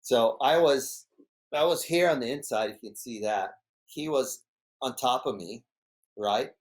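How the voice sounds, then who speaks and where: A man, a podcast guest telling a story in a casual, animated way, laughing often and acting out what others said. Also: mid-range voice, unhurried. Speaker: podcast guest, big wave surfer.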